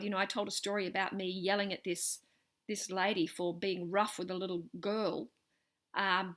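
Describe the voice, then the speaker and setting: A middle-aged woman telling a personal story in a vlog, earnest and animated, her voice swelling with intensity and then sinking almost to a whisper. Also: medium pitch. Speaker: vlogger sharing personal stories.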